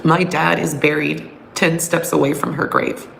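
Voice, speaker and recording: Low gravelly woman telling a painful story. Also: little pitch movement, unhurried, fairly bright tone, a little hiss or hum, poor audio. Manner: emotional, raw confessional retelling. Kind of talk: personal storytelling. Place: her bedroom at home.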